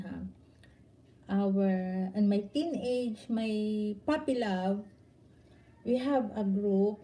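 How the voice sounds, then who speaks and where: Halting Filipino-accented woman, mellow tone. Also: mid-range voice, low-quality recording. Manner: halting, searches for words, mixes in Tagalog. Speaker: vlogger. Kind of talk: casual chat to viewers.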